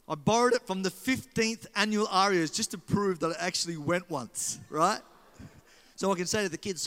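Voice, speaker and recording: A man's voice: high voice, lively intonation, brisk, sharp tone. A man with an Australian accent preaching in a joking way, talking back and forth with the crowd. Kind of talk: sermon. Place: large hall. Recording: live hall with reverb.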